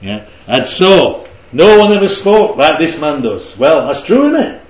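A man leads an interactive, conversational Bible study, his lively voice rising and falling as he keeps checking in with the group. His pitch is fairly high and he's unhurried. The recording sounds roomy and slightly dull.

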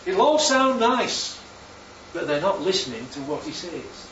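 His high voice is sing-song, unhurried, and a bit bright as this northern English man delivers a sermon in a church hall, joking conversationally and often quizzing the congregation. There's slight background noise, and the distant mic in the echoey church room sounds dull.

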